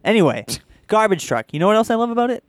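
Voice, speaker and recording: A man with a fairly high, very lively voice riffs through jokes on a podcast. His pitch jumps around as he builds up bits. The mic is close and the sound is dry. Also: very fast, no echo. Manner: playful, jokey riffing. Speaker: podcast co-host. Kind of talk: casual chat.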